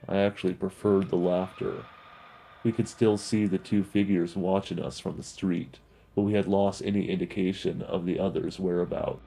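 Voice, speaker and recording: A man narrating a horror story in a grim, steady storytelling manner. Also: low voice, moderate pace, gravelly, husky, faint music behind, poor audio.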